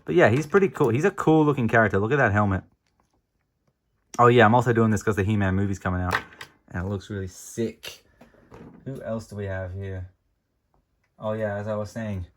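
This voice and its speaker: A young man in his twenties giving a comedic toy review, telling absurd stories deadpan and swearing. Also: fairly low pitch, fast talker, a little hiss or hum.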